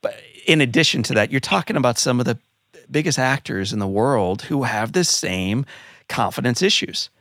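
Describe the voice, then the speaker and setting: A man's voice: medium pitch, expressive, moderate pace, a bit bright, no room sound, clean studio sound. A man hosting an interview, speaking in an earnest, reflective way. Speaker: podcast host. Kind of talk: interview conversation.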